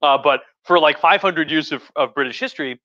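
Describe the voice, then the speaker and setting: A male history professor, a bit drunk, gives a rambling, casual lecture chat on a live stream from his couch-equipped living room, with fillers, restarts and joking asides throughout. His voice is a little high, pushed and bright, and a little fast. No room sound is present; the stream audio is dull and lo-fi.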